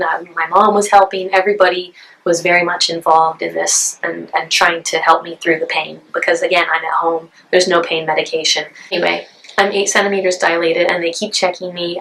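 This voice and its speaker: A woman's voice: fairly low pitch, rough recording. A woman in her thirties telling a personal story to camera in a heartfelt, emotional way. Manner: heartfelt, emotional, with restarts and soft laughs. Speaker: vlogger.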